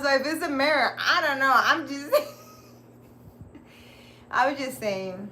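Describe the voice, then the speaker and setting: A woman's voice: high voice, expressive, slow pace, pushed and bright, a little hiss or hum. A woman hosting a casual livestream, rambling and chatty as she talks straight to her viewers. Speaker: livestream host.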